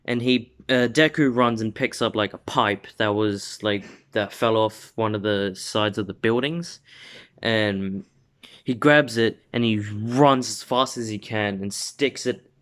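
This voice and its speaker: A man's voice: on the low side, measured pace, a bit bright. A man casually retelling a fan-made story, rambling with lots of "like" and restarts. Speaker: video host.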